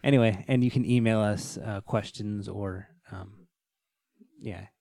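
A man's voice: lowish voice, steady tone, a little slow, dark tone, no echo. A man co-hosting a faith podcast in casual chat, hesitant with many ums. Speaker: podcast co-host.

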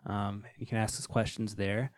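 A man's voice: on the low side, little pitch movement, moderate pace, no room sound. A man co-hosting a faith podcast in casual chat, hesitant with many ums. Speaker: podcast co-host.

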